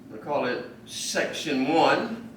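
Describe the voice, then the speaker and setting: A man's voice: on the high side, lively intonation, a little slow, echoey room, distant mic, a little hiss or hum, poor audio. A man teaching a Bible study to a small class in a casual, conversational way, often restarting sentences and asking the group questions.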